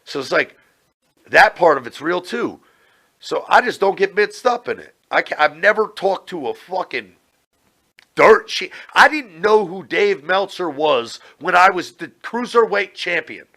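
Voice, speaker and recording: Cocky cursing wrestler guy on a podcast, bright punchy voice, really animated. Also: high voice, measured pace. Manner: brash, profane, animated storytelling. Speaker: podcast guest, former pro wrestler. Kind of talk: casual interview chat.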